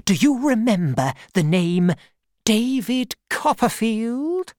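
Woman voicing a stern older aunt, loud, bossy, storybook reading, dry sound. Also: fairly high pitch, very animated, slow pace, no room sound, pitched above the performer's own voice. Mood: firm.

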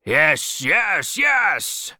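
A man voicing a wild, obsessed old sea captain who shouts his orders slowly and fervently, in a storybook reading. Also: on the low side, wildly swooping pitch, gravelly, no room sound, studio quality, exaggerated voice.

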